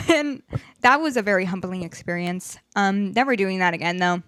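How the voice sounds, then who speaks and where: Her voice smooth and mid-range, a young podcast host talks at normal speed on her solo show, swearing often as she vents with animation and frankness. The audio is studio-quality, without echo.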